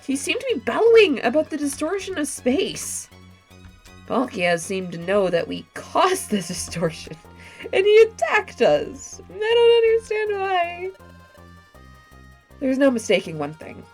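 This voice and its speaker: A woman's voice: high-pitched, wildly swooping pitch, measured pace, soft background music, pitched above the performer's own voice, exaggerated voice. A woman doing an earnest young explorer creature.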